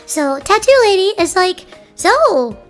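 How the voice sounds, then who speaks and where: A young woman with a high, bright voice chats to her stream audience in a casual, animated way. She giggles often and trips over her words, restarting sentences as she tells the story. Soft music plays underneath. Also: normal speed. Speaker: VTuber streamer.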